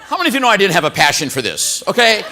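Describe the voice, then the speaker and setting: A man giving a motivational keynote speech to a live audience, animated, exclaiming and firing questions at the crowd. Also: high-pitched, very fast, a little hiss or hum. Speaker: motivational speaker. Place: hotel event hall.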